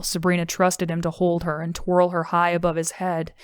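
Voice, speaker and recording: Low, even-toned woman narrator. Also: normal speed, few pauses, clean tone, no room sound, clean studio sound. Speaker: audiobook narrator. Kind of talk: scripted narration.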